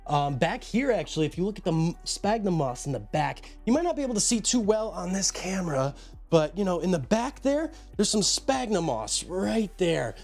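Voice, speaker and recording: Man, live streamer, casual chat, rambling, high-ish voice, animated pitch. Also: moderate pace, creaky, soft background music. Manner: rambling and chatty, greets viewers by name. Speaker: live streamer showing his pet enclosures. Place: room at home.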